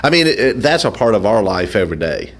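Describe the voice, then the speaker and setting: A man's voice: lowish voice, big pitch swings, quick pace. A man who is a mechanic, a regular guest on a call-in radio show, explaining car matters in an easygoing way. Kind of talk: casual radio chat.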